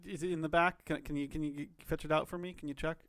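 Podcast co-host, male, slightly high voice, thoughtful and rambling. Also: fairly even intonation, quick pace, fairly bright tone. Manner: thoughtful, musing, many "like" fillers. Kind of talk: casual chat.

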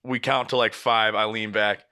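A young man hosting a podcast, telling a story casually, animated and swearing, acting out the dialogue. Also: fairly low pitch, normal speed. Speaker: podcast host.

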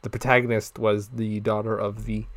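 Animated young man reviewing a movie. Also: fairly low pitch, normal speed. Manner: animated, acts out quotes with laughs. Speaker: podcast co-host. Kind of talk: casual movie review chat.

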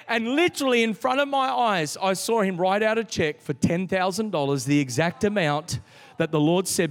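A middle-aged man preaching a sermon as a pastor, telling a story with lively restarts. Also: sits high, measured pace. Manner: storytelling, animated, with frequent restarts. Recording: long reverb of a large hall.

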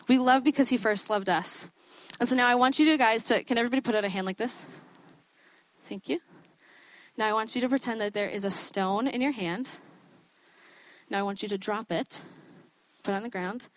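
A woman's voice: mid-range voice, no echo. Young woman, student preacher, chatty sermon, laughs often, dry recording.

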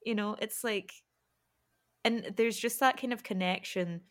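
A woman hosting a casual podcast interview, friendly and quick, laughing often. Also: medium pitch. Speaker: podcast host.

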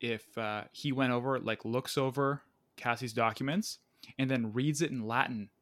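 A man's voice: medium pitch, normal speed, fairly bright tone. A man co-hosting a casual writing chat, explaining ideas with frequent restarts. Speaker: podcast co-host.

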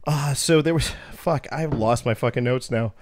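A man's voice: medium pitch, moderate pace, slight background noise. A man co-hosting a podcast, telling jokey, profane stories in casual chat. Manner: profane, joking, easygoing storytelling. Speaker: podcast co-host.

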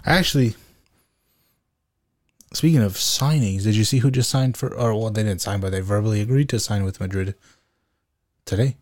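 Lowish voice, blunt dude swearing and using slang on a footy podcast. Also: male voice, normal speed, long pauses, darkish tone, no room sound, clean studio sound. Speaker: podcast co-host. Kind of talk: casual banter.

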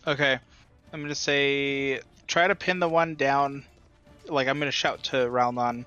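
A man talks through his moves in a tabletop game, eager and thinking aloud. His voice is bright and sharp. The audio sounds dull, with faint music in the background. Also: mid-range voice, fairly even intonation, unhurried, clean tone. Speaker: player. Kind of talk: casual tabletop game chat.

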